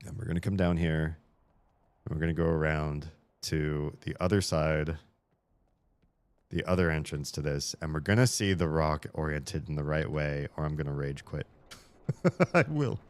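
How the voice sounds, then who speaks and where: A man giving live, rambling commentary while playing a puzzle game, mocking himself and swearing when stuck, then breaking into high excited shouts when something works. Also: normal speed, clear, resonant tone. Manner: bursts into high excited shouts at small wins.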